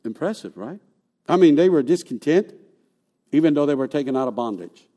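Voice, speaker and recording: A man preaching a sermon in an animated way. He asks rhetorical questions and repeats words for emphasis. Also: fairly high pitch, a little fast. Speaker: pastor.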